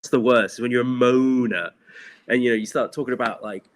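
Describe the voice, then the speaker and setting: A middle-aged man chatting openly as an interview guest. He rambles, circles back with fillers and breaks into laughter often. His pitch sits in an ordinary middle range. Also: steady tone, brisk. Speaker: animator guest. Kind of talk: casual interview chat.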